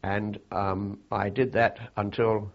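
An older man recalling his wartime service in a halting, reflective way, with frequent fillers and restarts. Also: fairly low pitch, level tone, dull audio. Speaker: interviewee. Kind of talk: oral history recollection.

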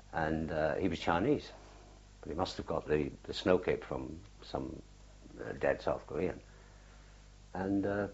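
An older man, a war veteran, recalling his experiences in an oral history interview, telling it haltingly with many fillers and restarts. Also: low voice, a little mellow, husky, lo-fi sound.

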